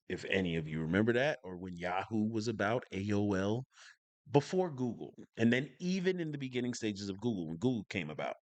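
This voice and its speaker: A man hosts a casual reaction video. He enunciates clearly and lays out his opinions emphatically, repeating lines to drive them home. His voice sits at an ordinary middle pitch, and the dry recording has no room sound. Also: no echo. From northern United States. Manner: lecturing, repeats points for stress. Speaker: reaction channel host.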